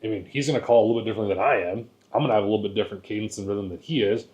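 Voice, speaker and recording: A man's voice: on the low side, very fast, darkish tone. Easygoing man teaching goose calls. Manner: folksy, repeats words, frequent "right?". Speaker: goose calling instructor. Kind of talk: casual instructional talk.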